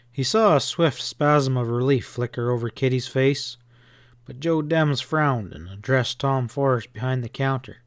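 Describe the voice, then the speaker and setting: Guy reading a western audiobook, middle pitch, steady telling, dry close mic. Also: normal speed, clear, resonant tone, dry recording. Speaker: audiobook reader. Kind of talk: scripted narration.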